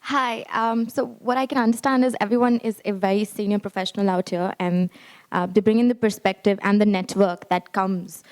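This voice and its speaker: A woman's voice: mid-range voice, steady tone, fairly quick, darkish tone. A woman in the audience asking a panel a polite, hesitant question. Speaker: audience member.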